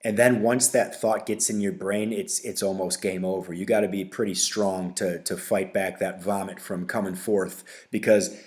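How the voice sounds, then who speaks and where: A man hosts his own podcast solo, ranting bluntly and profanely, leaning on fillers and tag questions like "right?". His deep, darkish voice holds fairly even intonation at a normal speed, with hardly any pauses.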